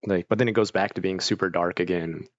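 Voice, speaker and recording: Rambling low-voiced man with hiccups. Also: fairly even intonation, fast, dry recording, highs cut off. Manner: rambling, full of "like" fillers. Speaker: streamer chatting with viewers. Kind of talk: casual chat.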